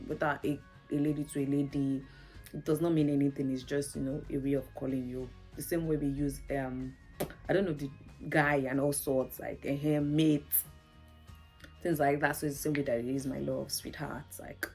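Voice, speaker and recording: A woman's voice: deep voice, darkish tone. A Nigerian woman vlogging in a casual, chatty, storytelling way, laughing often and saying "like" a lot. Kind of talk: casual chat to camera.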